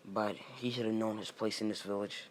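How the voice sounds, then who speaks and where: A young man improvising a fan fiction story in a rambling, halting way with many restarts. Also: fairly low pitch, level tone, slight background noise.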